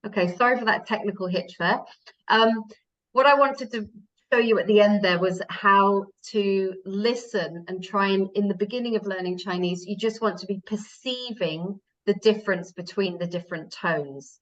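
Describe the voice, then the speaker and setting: A woman's voice: medium pitch, normal speed. Woman teaching a class, muffled sound. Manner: patient step-by-step explaining with fillers. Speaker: language teacher. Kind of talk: live taster class.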